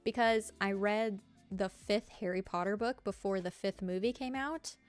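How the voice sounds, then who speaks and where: A woman's voice: mid-range voice, normal speed, soft background music. Giggly Southern woman chatting to viewers. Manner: chatty and giggly, lots of fillers. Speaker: streamer. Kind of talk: casual chat with live viewers.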